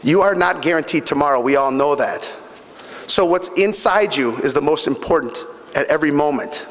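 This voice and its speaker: A man's voice: a little high, normal speed. A middle-aged man giving a motivational speech at a fundraising breakfast, telling personal stories earnestly, with fillers and repeats. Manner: earnest storytelling, repeats himself, many fillers. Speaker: guest speaker at a fundraising breakfast. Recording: long hall reverb.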